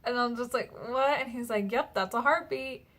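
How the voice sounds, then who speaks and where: A woman's voice: fairly high pitch, moderate pace, a bit bright. A young woman chatting casually in a personal vlog, retelling conversations with lots of fillers. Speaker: vlogger.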